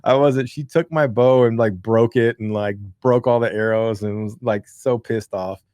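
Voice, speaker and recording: A man co-hosting a podcast, telling a childhood story in a rambling, profane, animated way. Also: medium pitch, normal speed, no echo. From rural. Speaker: podcast co-host. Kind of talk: casual storytelling chat.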